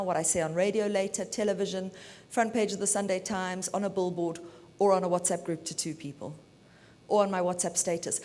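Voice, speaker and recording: A woman from South Africa giving a brisk, chatty and self-assured talk as a media lawyer at a conference. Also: a little mellow. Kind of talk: keynote talk. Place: conference hall. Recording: reverberant hall, faint rumble.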